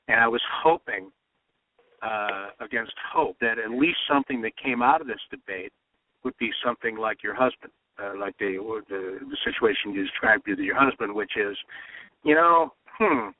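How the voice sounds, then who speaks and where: A man hosting a political talk radio show, emphatic and impassioned, often repeating himself. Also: medium pitch. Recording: dry, phone-like radio sound.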